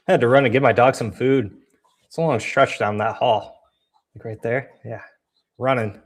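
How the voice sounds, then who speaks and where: A man's voice: mid-range voice, moderate pace, a bit bright. A man in his twenties hosting a livestream, giving casual play-by-play commentary and chatting with his viewers between calls. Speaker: livestream host.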